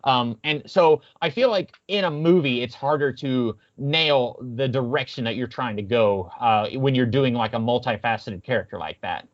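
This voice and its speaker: A podcast co-host with a medium-pitched voice chats casually at normal speed with few pauses. He rambles, full of fillers and restarts, and the audio is muffled and lo-fi.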